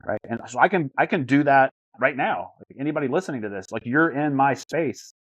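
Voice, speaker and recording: A man coaching over a video call in an earnest, searching way, often stumbling and repeating words before landing a thought. His voice sits mid-pitched and sounds dry and close, with no room around it. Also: expressive, a little fast, slightly rough, no room sound, low-quality recording. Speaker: life coach.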